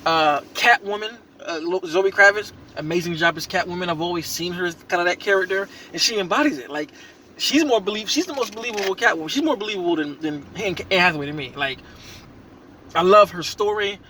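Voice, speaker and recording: A man giving an excited, rambling reaction review of a movie he just saw, full of slang and restarts. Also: sits high, fairly quick, a little hiss or hum.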